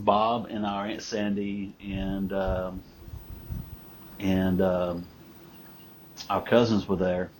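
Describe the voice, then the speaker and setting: A man's voice: lowish voice, a little hiss or hum. A man, co-hosting and telling a rambling family story, often correcting himself. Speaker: co-host, son of the guest.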